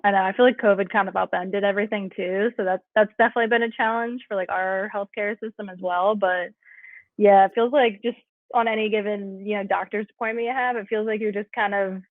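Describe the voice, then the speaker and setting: A woman's voice: mid-range voice, fairly even intonation, a little fast, no room sound. Chatty woman on a tinny line. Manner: chatty, full of "like" and "um" fillers. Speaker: guest, cycle syncing coach. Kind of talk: casual podcast chat. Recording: tinny phone-like line, dry.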